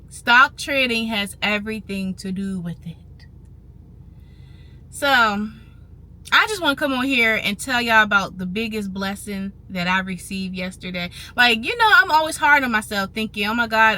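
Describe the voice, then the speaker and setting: Bright-voiced chatty woman vlogger. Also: on the high side. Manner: animated, chatty, repeats phrases for emphasis. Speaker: vlogger on trading and finance. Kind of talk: casual talk to camera.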